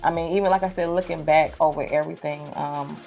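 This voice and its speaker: Gravelly low-voiced woman telling her story. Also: fast talker. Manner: animated storytelling, frequent "you know what I'm saying". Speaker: interview guest. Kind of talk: casual faith testimony.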